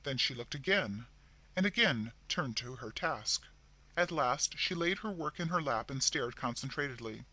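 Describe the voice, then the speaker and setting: A man narrating a scripted horror story in a dramatic, expressive reading. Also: medium pitch, normal speed.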